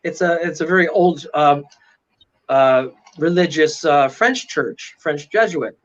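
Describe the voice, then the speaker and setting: Excitable man telling a dramatic story. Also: a little high, measured pace, highs cut off. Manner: excitable, dramatic retelling with frequent "right?". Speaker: paranormal investigator guest. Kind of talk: animated storytelling in casual interview.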